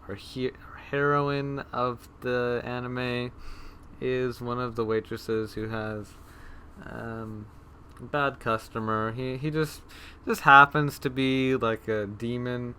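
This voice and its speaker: A man's voice: medium pitch, sharp tone, slight background noise. A man casually reviewing anime he watched, rambling with many fillers, restarts and dry sarcastic asides. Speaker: anime vlogger.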